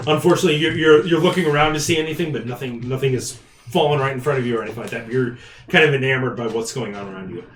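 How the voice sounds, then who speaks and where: A man's voice: medium pitch, fairly bright tone. Man running a tabletop game, chuckling narration, echoey room, faint hiss. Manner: laughs often while narrating, halting restarts. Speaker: game master. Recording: roomy echo, faint background noise.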